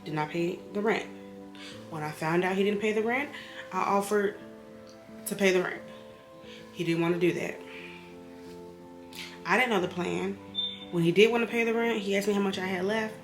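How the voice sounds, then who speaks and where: A woman's voice: medium pitch, moderate pace, long pauses, echoey room, music in the background. A woman, a bit tipsy, talking candidly and emotionally in a personal vlog about hard times, rambling and sometimes getting heated. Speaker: vlogger, single mother.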